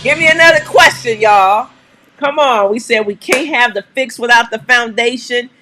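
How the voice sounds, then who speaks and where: Host brief: a woman with a bright, forceful voice, preacherly call-and-response cadence, coaxing viewers on a live stream. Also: a little high, moderate pace, soft background music. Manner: emphatic, repeats "okay?" and "come on", coaxing the audience.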